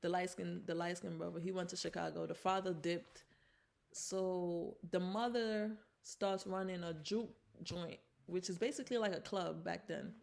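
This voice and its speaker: This film reviewer has a lowish, creaky, slightly mellow voice, speaking at a moderate pace with fairly even intonation. She's retelling a movie's story for her laid-back recap vlog, full of fillers and restarts, and she performs the characters' dialogue.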